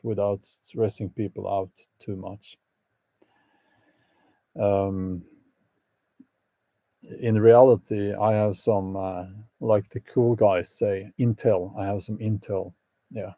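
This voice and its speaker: A man's voice: fairly low pitch, warm tone, no echo. A man hosting a casual live chat with his viewers, hesitant and full of fillers, with wry opinions and frequent laughs. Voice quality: gravelly, hesitant with many fillers. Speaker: channel host answering live chat.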